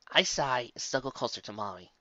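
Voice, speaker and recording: A woman reading a fan story aloud with expressive storybook narration. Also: a bass voice, brisk, no room sound, muffled recording. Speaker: story reader.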